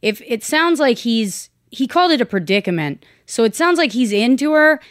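A woman's voice: a little high, sing-song, no room sound, studio quality. A young woman comedian, a guest on a podcast, giving frank, wry relationship advice. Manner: frank, wry, quick to laugh things off. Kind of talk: casual advice chat.

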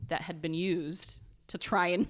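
A woman casually retelling a true crime story on a podcast, animated and blunt, acting out quotes. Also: lowish voice, unhurried. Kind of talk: casual chat.

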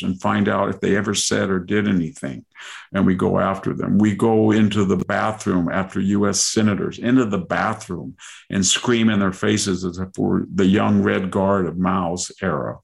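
An older man with a low, gravelly voice, talking through political commentary on a podcast. He rambles in long lists and slips into mock quotations as he makes his case. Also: fairly even intonation, moderate pace. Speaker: podcast host.

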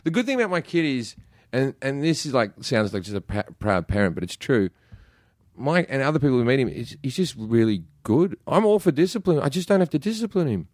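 A man's voice: mid-range voice, big pitch swings, fairly quick, a little mellow, no room sound. A dry, swearing, stammering man telling stories. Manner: swears freely, stammers and restarts. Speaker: comedian guest. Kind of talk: casual storytelling chat.

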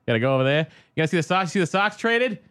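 A man's voice: a little high, animated, rapid-fire, a bit bright, clean tone, no echo, clean studio sound, voice pushed up. A man doing a thick-accented Boston barfly. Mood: pushy. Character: brash male Boston barfly, pushy and loud.

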